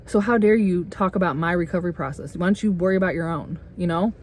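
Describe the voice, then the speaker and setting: A middle-aged woman vlogging a heated, swearing rant with sarcastic rhetorical questions, getting loud at times. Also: on the low side, quick pace, slight background noise. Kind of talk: angry personal rant to camera. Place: RV interior.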